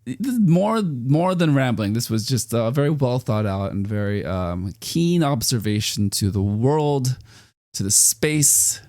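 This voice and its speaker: A man's voice: mid-range voice, expressive, unhurried, a little mellow, no room sound. Guy hosting a chill podcast, rambly and jokey, dry close mic sound. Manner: chatty, rambling, self-deprecating. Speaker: podcast host. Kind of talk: casual chat.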